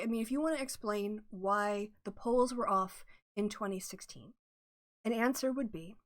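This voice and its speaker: Chatty middle-aged woman, higher voice. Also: fairly bright tone. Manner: chatty, analytical, greets viewers in chat. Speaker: livestream host. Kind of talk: casual political livestream chat.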